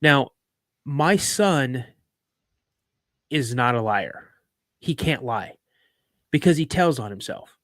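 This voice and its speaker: A man's voice: medium pitch, animated, slow, long pauses, a bit bright, dry recording. Podcast host, middle-aged man, casual rambling storyteller who stumbles and restarts, dry close mic. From Minnesota. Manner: rambling, many restarts and stammers. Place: live podcast studio.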